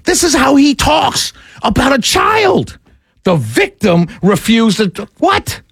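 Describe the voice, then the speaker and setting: A man's voice: extremely high pitch, very animated, takes it slowly, vocal fry, a bit bright, breathy edge, no room sound, studio quality. A man giving ranting commentary to his audience, exasperated and incredulous, often stammering and laughing in disbelief. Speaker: political commentator.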